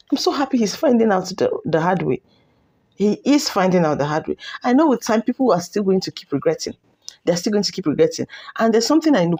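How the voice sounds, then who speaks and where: A woman's voice: a little high, darkish tone. A woman hosting a commentary channel, scolding and mocking with lots of repetition. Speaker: commentary host. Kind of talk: opinionated commentary.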